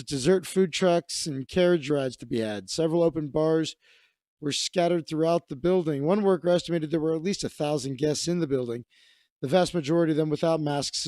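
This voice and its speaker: A man's voice: fairly high pitch, mellow, dry recording. A man hosting a comedic live stream, riffing sarcastically and profanely with frequent restarts. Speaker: host.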